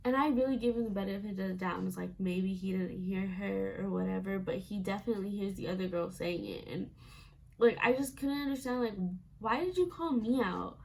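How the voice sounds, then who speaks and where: A woman's voice: mid-range voice, brisk, creaky, darkish tone. A young woman vlogger telling a casual storytime, chatty and full of "like" fillers, acting out quoted lines.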